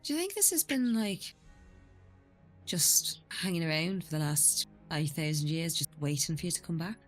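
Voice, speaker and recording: A woman's voice: deep voice, expressive, normal speed, faint music behind. A woman playing in a tabletop game, hesitant with many fillers as she speculates. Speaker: player. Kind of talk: tabletop role-play in character.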